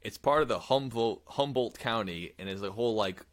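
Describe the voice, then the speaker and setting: A man's voice: medium pitch, moderate pace. A man co-hosting a podcast, retelling a story at length in a loose, rambling, profane way. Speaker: podcast co-host. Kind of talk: casual storytelling chat.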